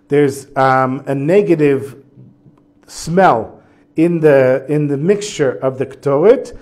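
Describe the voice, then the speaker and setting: A man's voice: fairly high pitch, dark tone. Casual man teaching a religious class. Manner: casual, reads Hebrew passages then translates. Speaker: Torah teacher.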